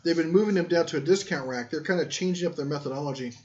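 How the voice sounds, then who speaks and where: High-voiced joking man hosting a stream. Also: racing, background noise. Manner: rambling, joking, self-deprecating. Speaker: tool channel host. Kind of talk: casual live-stream chat. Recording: muffled lo-fi stream audio.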